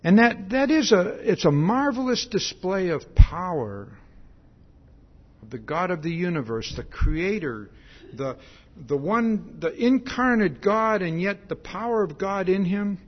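A man preaching in an easy, talking manner. He often repeats words and asks "See?" as he acts out the lines he quotes. His voice is husky and a little high, and the recording sounds dull and lo-fi. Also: expressive, unhurried. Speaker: pastor. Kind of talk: conversational sermon.

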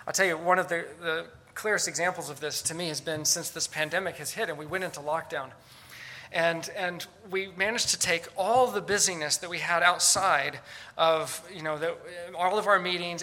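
A man's voice: on the high side, steady tone, brisk, sharp tone. A man preaching a sermon, dramatic and sarcastic at times, acting out the voices he quotes. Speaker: pastor.

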